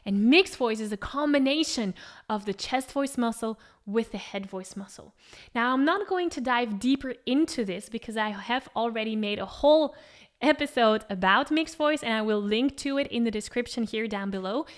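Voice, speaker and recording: A woman's voice: on the high side, expressive, moderate pace. A woman singing teacher giving an encouraging vocal lesson and demonstrating exercises.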